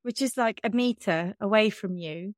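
A woman's voice: mid-range voice, moderate pace, no echo, studio quality. A woman, telling a personal story on a podcast in a candid, self-mocking way. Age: 30s. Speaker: podcast host. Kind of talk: casual chat.

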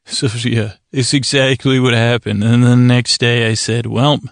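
Male sleep podcast host, heavy vocal fry, dry close mic, meandering wry chat. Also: mid-range voice, steady tone, normal speed, dry recording. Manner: stammering, self-interrupting, wry. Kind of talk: rambling casual monologue.

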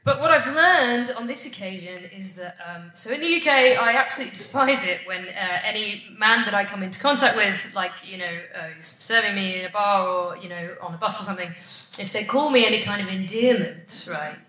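A woman's voice: medium pitch, a little fast, pushed and bright, recorded from a distance, a little hiss or hum. A woman guest musician chatting on a theatre stage in a self-deprecating, laughing way. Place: theatre stage before a live audience. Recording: echoey theatre, voice off-mic.

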